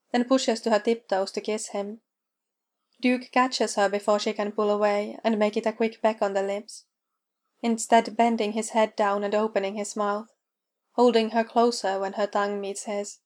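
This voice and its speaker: A woman narrating a story aloud with a steady, even reading. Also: medium pitch. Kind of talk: reading fan fiction aloud.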